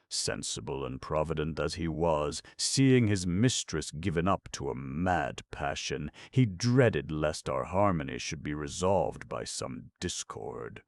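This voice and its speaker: A man narrating a classic novel as an audiobook in a measured, expressive storytelling manner. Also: extremely low pitch, gravelly, no room sound, studio quality.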